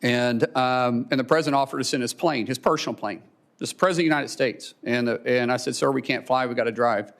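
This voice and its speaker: A man testifying at a hearing, telling a personal story in a halting way, repeating words and choking up. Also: mid-range voice, a bit bright. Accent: Oklahoma. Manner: halting, repeats words, chokes up when emotional. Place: hearing room.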